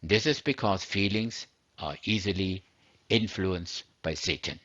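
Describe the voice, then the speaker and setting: Husky, low-voiced man preaching earnestly. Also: unhurried, fairly bright tone, dry recording, dull audio. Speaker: religious teacher. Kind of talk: scripted sermon narration.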